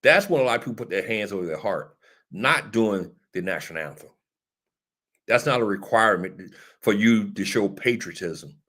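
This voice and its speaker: A lowish, slightly bright voice with lively intonation moves at a moderate pace as this man hosts a casual political commentary show. Talking to his live audience and answering viewers, he repeats his message emphatically in a preachy, sermon-like way.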